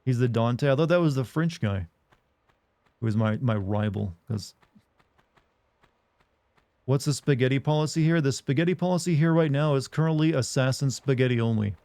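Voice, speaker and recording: A man's voice: medium pitch, animated, normal speed, pauses often, mellow, no room sound. A man chatting casually with viewers while streaming a game, rambling, joking, and laughing often. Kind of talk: casual chat while playing.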